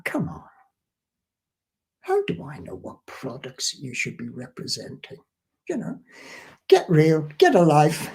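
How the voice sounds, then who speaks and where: A man's voice: high voice, warm tone, husky. An older man giving down-to-earth business advice in a chatty instructional talk, often repeating his words. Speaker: import-export trade advisor.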